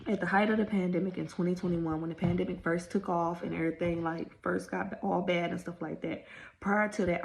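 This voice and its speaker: A woman's voice: on the low side, vocal fry. A woman in her thirties telling a family story on her vlog, emotional and rambling, fighting back tears and apologizing as she goes. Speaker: vlogger. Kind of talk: casual storytime.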